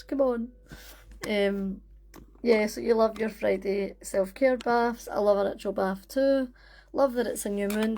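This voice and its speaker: On a casual livestream, a woman chats from her phone mounted on a holder, sounding chatty and apologetic and laughing a lot. Her voice is medium in pitch with a darkish tone, and there's slight background noise.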